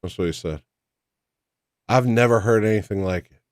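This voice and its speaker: Self-deprecating male streamer with a lowish voice, rambling and wry, dry close sound. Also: moderate pace, no echo. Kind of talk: casual chat while gaming.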